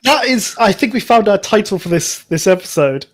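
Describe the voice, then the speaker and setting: A man's voice: high voice, lively intonation, moderate pace. A man co-hosting a casual gaming show, talking in a hesitant way with repeated words and frequent laughter. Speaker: co-host.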